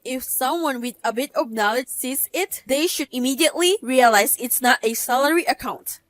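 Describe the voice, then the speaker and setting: A woman in her thirties tells her story in first person, cool and cutting. Her voice is somewhat high and sounds dry and close. She speaks matter-of-factly. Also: moderate pace, no room sound. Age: 30s. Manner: cold, cutting, matter-of-fact. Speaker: narrator.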